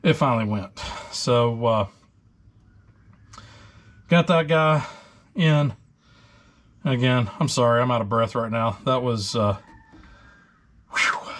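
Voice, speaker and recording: A man hosting a truck repair video, chatting casually and filling gaps with ums while he works on parts in a garage. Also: medium pitch. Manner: relaxed, chatty, talking while wrenching with many fillers. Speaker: host of a truck repair channel. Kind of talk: casual workshop talk-through.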